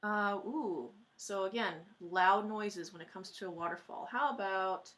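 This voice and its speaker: A woman teacher giving a recorded lesson for her class, patient and encouraging, thinking aloud and slowly sounding out words. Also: mid-range voice, a bit bright.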